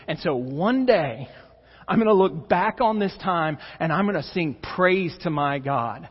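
A man preaching a sermon as pastor, earnest, swelling with emphasis and falling to soft, intense moments. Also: on the high side, moderate pace, slightly rough. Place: church sanctuary. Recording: dull reverberant church recording.

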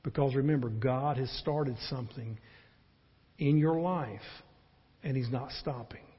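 Man preaching, husky voice, long church reverb, swings loud and quiet. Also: measured pace, dull audio. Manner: swings from loud emphatic peaks to low quiet stretches. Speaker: pastor. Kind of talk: sermon. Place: church sanctuary.

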